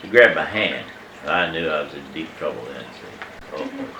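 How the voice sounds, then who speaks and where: A man in his eighties telling a family story from his childhood in a casual, animated way, emphatic and salty, chuckling as he goes. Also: very deep voice, moderate pace, vocal fry, a little hiss or hum. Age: 80s. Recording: echoey room, mic at a distance.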